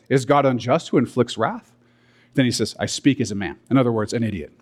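A man's voice: medium pitch, a little fast, a little mellow. A man preaching a verse-by-verse sermon, explaining a hard passage with emphatic, blunt asides and frequent checks that listeners follow. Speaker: pastor teaching a Bible study.

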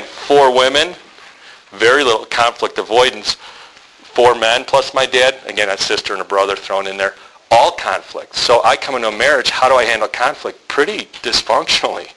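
A man's voice: mid-range voice, fairly quick, pushed and bright, a little hiss or hum, poor audio. A man speaking to a group of men in a sermon, a candid, joking storyteller who acts out the people he quotes. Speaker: men's ministry speaker.

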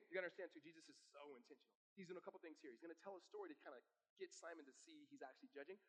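High-voiced pastor preaching in a reverberant hall. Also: male voice. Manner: conversational, emphatic, repeats himself. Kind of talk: live sermon. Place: church sanctuary with long reverb.

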